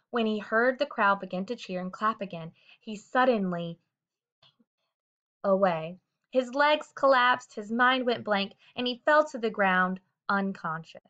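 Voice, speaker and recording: A woman narrating a children's book aloud with a steady, expressive reading. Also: medium pitch. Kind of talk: storybook read-aloud. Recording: dull lo-fi recording.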